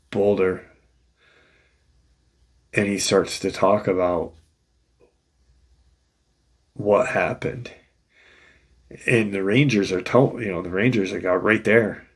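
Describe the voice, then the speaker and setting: Male host, casual storyteller; unhurried, lowish husky delivery, loose and rambling. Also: fairly even intonation. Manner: rambling, loose, with restarts and "you know". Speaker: channel host retelling encounter stories.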